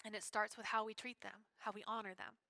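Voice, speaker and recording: A woman preaching a sermon in an animated, conversational way with casual slang. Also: medium pitch, fairly quick, vocal fry, no echo.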